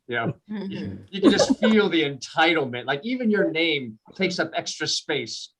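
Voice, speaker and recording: Animated male comedian on a video call. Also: fairly high pitch, a little fast, a loud crowd. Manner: animated storytelling, laughs at own jokes. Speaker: stand-up comedian. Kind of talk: stand-up comedy set. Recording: audience laughter over video call.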